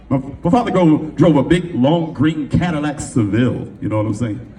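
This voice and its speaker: Man, middle-aged, motivational speaker, slangy animated storytelling, wide-swinging pitch, distant mic, faint background noise. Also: fairly quick. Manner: animated, slangy, acts out voices. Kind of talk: personal storytelling to a live audience. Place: event venue before an audience.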